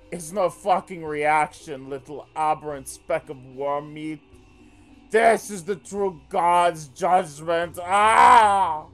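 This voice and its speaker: A man's voice: sits high, fairly bright tone, voice pushed up, full character voice. A man voicing an unhinged, murderous male troll clown as an impression of a famous cult filmmaker, reading a visual novel aloud.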